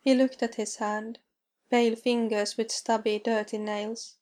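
A woman reading a story aloud in a measured, even way. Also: on the high side. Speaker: narrator.

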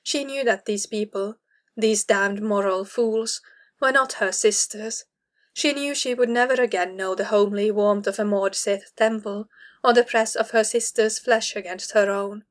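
Woman reading a story at an even pace. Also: mid-range voice, moderate pace. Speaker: narrator. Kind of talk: audiobook reading of fan fiction.

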